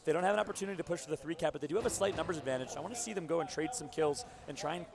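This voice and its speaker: A hoarse man calls an esports match at a rapid clip, his voice worn from cheering. A loud crowd roars behind him as he breaks down each play. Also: on the high side. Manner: excited, analytical color commentary. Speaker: esports commentator.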